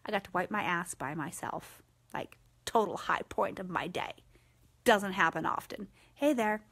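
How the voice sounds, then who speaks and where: A woman in her forties hosting a casual live-stream chat, talking frankly and swearing freely with lively energy. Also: fairly low pitch, normal speed. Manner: frank and profane, animated. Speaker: host.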